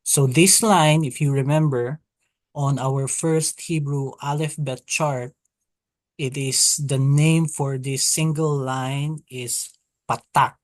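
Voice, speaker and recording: A teacher running an online Hebrew alphabet lesson over a video call, speaking very slowly and patiently. The teacher repeats each vowel sound for the class and calls on students by turn. The sound is dry and close, with a mid-range pitch. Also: fairly even intonation, no echo.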